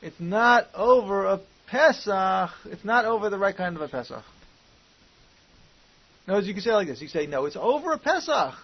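Teaching a Talmud class, a man reasons aloud and asks questions, drawing on Hebrew and Aramaic terms. His voice sits high and moves at normal speed with long pauses, heard through a muffled lo-fi recording with faint hiss.

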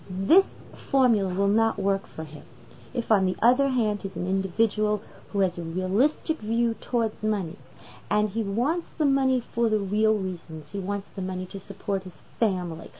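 A woman gives a religious lesson, walking through the text and raising rhetorical questions as she goes. Her voice sits at a middle pitch. The recording is slightly dull and lo-fi, with a faint hiss underneath. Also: lively intonation, moderate pace. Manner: explanatory, asks rhetorical questions. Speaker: Torah teacher.

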